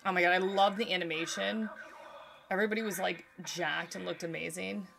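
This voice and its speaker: A woman in her thirties hosting a trailer reaction video, gushing and excited, with lots of fillers. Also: fairly low pitch, fairly quick, gravelly, noisy background. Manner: gushing, fangirling, lots of likes and ums.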